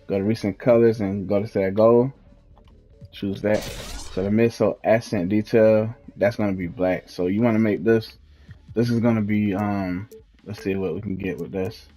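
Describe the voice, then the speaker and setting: At home in his fiancée's house, the gaming host talks on the low side with a dark tone. He's easygoing and slangy, and his words trail away as he thinks.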